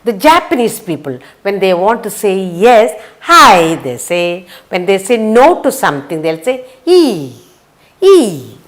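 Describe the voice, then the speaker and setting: Slow, lively Indian English woman teacher. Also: mid-range voice. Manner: slow, sing-song, repeats words and spells letters. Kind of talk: kids' vocabulary lesson.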